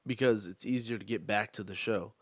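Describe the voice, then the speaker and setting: Male podcast co-host, lowish voice, dry sound, easygoing slangy chat. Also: fairly quick, dry recording. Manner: slangy, agreeable, swears freely. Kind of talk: casual chat.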